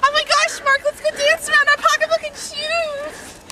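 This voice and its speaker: A woman putting on a hyper young man doing a comedy bit, whining and shouting excitably at an outdoor bus stop. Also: very high-pitched, normal speed, recorded from a distance, voice pushed up. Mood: excited whine. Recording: noisy street with passing cars.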